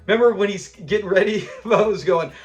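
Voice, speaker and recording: A man's voice: high-pitched, a little fast. A man hosting a casual breakdown of a classic sitcom episode, chatty and enthusiastic, often laughing as he recaps scenes. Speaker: show review host.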